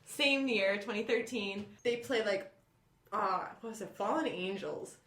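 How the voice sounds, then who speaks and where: A young woman co-hosts a podcast, with a bright, forward voice at a middle pitch. She tells her stories in a chatty, animated way. The room around her rings with echo. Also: measured pace. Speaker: podcast co-host. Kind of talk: casual chat. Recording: roomy echo.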